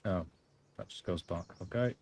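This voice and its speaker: A man's voice: sits low, normal speed, darkish tone. A man, not American, chatting casually while playing through a game live. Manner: chatty, offhand, rambling. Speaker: gamer streamer. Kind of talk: casual gameplay commentary.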